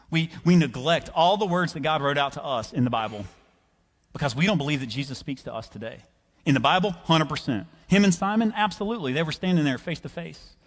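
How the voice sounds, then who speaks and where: A man preaching a sermon in a church, animated and conversational as he tells a story. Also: fairly high pitch. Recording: reverberant church hall.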